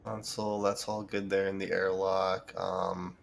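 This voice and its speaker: Low gravelly man narrating his gameplay. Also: level tone, unhurried, a little hiss or hum. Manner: thinks aloud, with fillers and restarts. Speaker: game streamer. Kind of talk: casual gameplay commentary.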